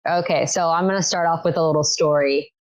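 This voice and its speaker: A woman's voice: deep voice, brisk, rough recording. A young woman guest in a casual podcast chat, telling a personal story and acting out what others said. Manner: animated storytelling, acts out quoted voices. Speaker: podcast guest, birth keeper. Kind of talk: casual conversation.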